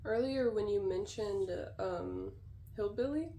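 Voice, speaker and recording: A young woman student interviewing for an oral history project, asking questions slowly and carefully. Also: mid-range voice, huge pitch swings, warm tone. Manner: slow, careful questioning with fillers. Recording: roomy echo.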